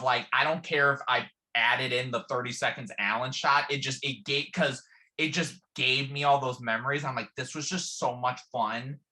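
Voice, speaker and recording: A young man co-hosting a channel, chatting casually in an animated, dramatic way, with big vocal jumps when he quotes himself. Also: medium pitch. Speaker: channel co-host. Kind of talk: casual storytelling chat.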